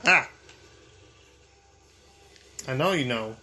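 A man's voice: medium pitch, animated, extremely slow, pushed and bright, a little hiss or hum. Frustrated young man swearing at a game. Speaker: gamer. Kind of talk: gameplay commentary.

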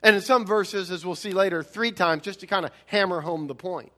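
A male pastor delivering a sermon, pressing his points with rhetorical questions and repeated words. His voice sits high, with a bright, forceful edge. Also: a little fast. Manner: emphatic preaching with frequent repetitions and rhetorical questions.

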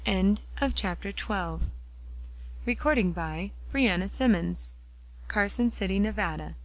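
A woman reads a classic novel aloud. Her narration is even and measured. The recording is dry and close, with no room sound. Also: mid-range voice, no echo, poor audio. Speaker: audiobook reader. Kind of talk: scripted narration.

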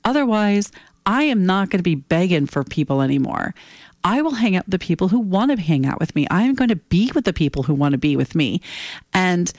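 A woman's voice: on the low side, very animated, a little fast, a little mellow, no echo, studio quality. A woman in her fifties hosting her own show, talking candidly and bluntly in a casual solo monologue, swearing freely and getting emotional. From United States. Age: 50s. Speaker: podcast host.

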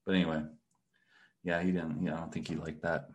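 A man's voice: sits low, fairly quick, breathy edge. A man co-hosting a podcast, telling stories in casual, profane chat and jumping into exaggerated voices for the people he quotes. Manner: animated storyteller, swings into exaggerated quoted voices. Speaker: podcast co-host.

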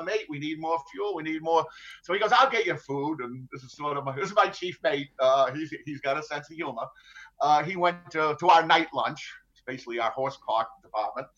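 A man's voice: a little high, a bit bright. Matter-of-fact middle-aged man, dull sound. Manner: matter-of-fact, dry humor, many fillers and restarts. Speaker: ship captain recounting a hostage ordeal. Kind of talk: conversational storytelling interview.

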